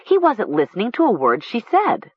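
A woman narrating a storybook in a measured, expressive way. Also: a little high, breathy edge, dry recording. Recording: dull lo-fi recording.

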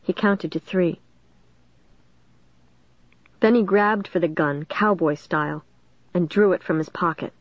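A woman's voice: on the low side, no room sound. A woman narrating a storybook in a tense, dramatic reading. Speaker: audiobook reader. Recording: dull dry recording.

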